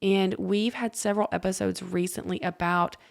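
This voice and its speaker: A woman's voice: medium pitch, fairly even intonation, moderate pace, vocal fry. A woman podcast host reflecting on what the guest shared and explaining ideas about emotions. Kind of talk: casual conversation.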